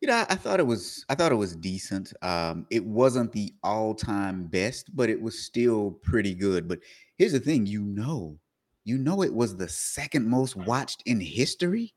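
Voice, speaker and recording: Low-voiced, expressive man co-hosting. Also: measured pace. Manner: playful, joking, asks questions. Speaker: co-host. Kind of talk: casual live-stream chat.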